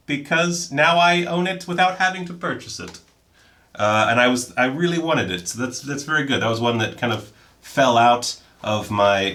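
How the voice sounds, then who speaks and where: A man chatting casually while he unboxes films, excitable and jokey, often bursting into high-pitched exclamations. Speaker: film vlogger.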